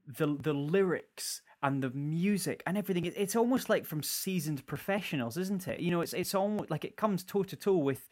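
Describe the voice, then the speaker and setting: A young man co-hosting a podcast, chatting casually and often trailing off while he searches for words. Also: on the high side. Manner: rambling, searching for words, many fillers. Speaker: podcast co-host. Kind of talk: casual chat about a musical.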